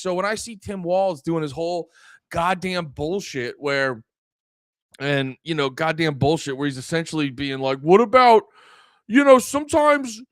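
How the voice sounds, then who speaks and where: A man's voice: sits high, fairly bright tone, no room sound. A man hosting a livestream podcast, ranting angrily and profanely, rambling with many restarts into a close mic.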